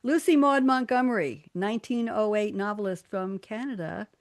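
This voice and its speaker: A woman's voice: medium pitch, normal speed. An older woman hosting a live radio talk show, reading quotes and poems aloud in a playful, theatrical way and laughing often. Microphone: studio mic.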